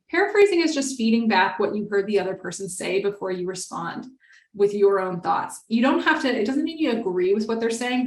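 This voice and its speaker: A woman's voice: mid-range voice, roomy sound. A woman giving an explanatory webinar talk in a conversational way, acting out bits of example dialogue as she teaches. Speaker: webinar presenter.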